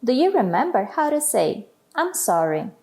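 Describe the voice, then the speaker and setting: A woman teaching a language lesson, saying each phrase slowly and clearly, then repeating it for learners. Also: a little high, big pitch swings, warm tone.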